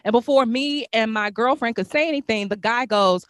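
A young woman hosting a casual chat, telling a lively story and acting out the voices of the people in it. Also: a little high, a little fast, few pauses, no room sound, clean studio sound. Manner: animated, acts out voices in her stories.

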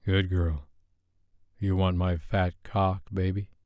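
A man voicing a commanding, teasing grown man in an audiobook, speaking low and firm. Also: flat delivery, slow pace, a little mellow, no room sound, clean studio sound.

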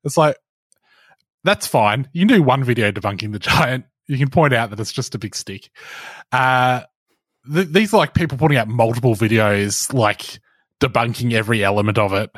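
A man's voice: medium pitch, normal speed, a bit bright, dry recording. Wry man on a dry podcast mic. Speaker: podcast co-host. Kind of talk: casual podcast chat.

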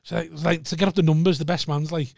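A man's voice: fairly high pitch, steady tone, quick pace, vocal fry, a little mellow, no echo, studio quality. Sweary young man telling a rambling story. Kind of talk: casual chat.

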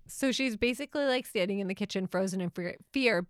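A woman's voice: mid-range voice, a little fast, dry recording, clean studio sound. Chatty mother co-hosting a podcast. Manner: chatty storytelling, laughs often, acts out quotes. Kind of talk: casual chat.

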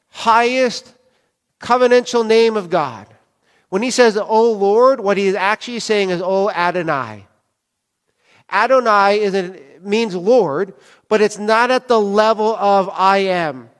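This male pastor has a high, clean voice and delivers his sermon conversationally, often putting questions to the congregation. The church hall around him gives a long reverb.

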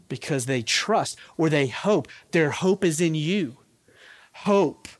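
A man's voice: mid-range voice, no room sound. A man giving a conversational sermon as a pastor, laughing at his own asides.

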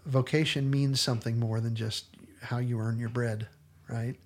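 A man's voice: mid-range voice, steady tone, moderate pace. A man hosting a podcast, retelling scenes in an earnest, enthusiastic casual discussion. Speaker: podcast host.

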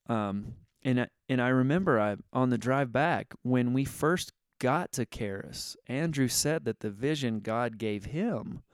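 A man's voice: medium pitch, darkish tone, dry recording, studio quality. A man who plays guitar in worship music, telling a personal story in a casual, earnest, candid way. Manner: earnest, candid, conversational with fillers.

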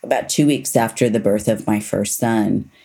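A woman's voice: a bass voice, steady tone, gravelly, dark tone, breathy edge. Earnest middle-aged woman telling her story. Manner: earnest and candid, slows down to stress key points. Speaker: guest, neuropsychologist. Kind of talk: personal storytelling in a conversation.

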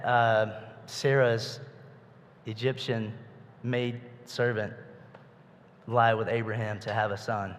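A man preaching a sermon in a conversational way, asking his listeners rhetorical questions. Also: medium pitch. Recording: echoey hall with long reverb.

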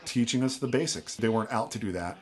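A man co-hosting a podcast in relaxed casual chat. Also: mid-range voice, quick pace, background noise. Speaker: podcast co-host.

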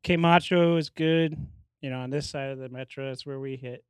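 A woman's voice: very deep voice, fairly even intonation, moderate pace, smooth, no echo. Woman in her forties, easygoing chat. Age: 40s. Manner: easygoing, laughing storyteller. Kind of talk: casual chat.

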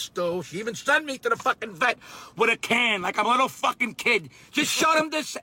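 A man playing an angry middle-aged guy in a comedy clip, ranting loudly and crudely about an errand gone wrong. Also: high-pitched, full character voice. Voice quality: loud, exasperated, profane ranting. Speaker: comedy character in a played clip. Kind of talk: comedic rant monologue.

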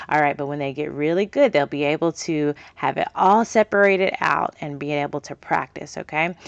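A woman's voice: lowish voice, no room sound, lo-fi sound. A woman hosting a podcast, explaining reading skills to parents in a chatty, upbeat way and often checking in with "okay?". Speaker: podcast host teaching parents early reading. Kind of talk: casual teaching talk to parents. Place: small home studio in a closet.

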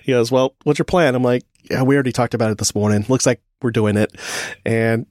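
A man hosting a casual podcast chat, telling an army story with lively acted-out quotes and frequent laughs. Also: medium pitch, fast talker, no room sound, clean studio sound. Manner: animated storyteller, acts out quotes, laughs often.

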